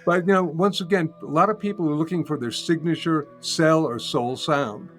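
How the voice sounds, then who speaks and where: An older man teaching as a guest in an interview, calmly explaining and demonstrating a humming practice step by step. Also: a little high, normal speed, faint music behind. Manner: calm, patient, repeats steps and demonstrates by humming. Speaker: sound healing teacher, guest. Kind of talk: guided instruction in an interview.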